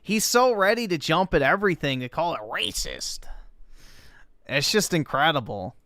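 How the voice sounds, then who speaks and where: A man's voice: fairly high pitch, big pitch swings, moderate pace, a bit bright, no room sound, studio quality. A man hosting a livestream, reacting to videos in heated, profane rants. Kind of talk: live reaction commentary.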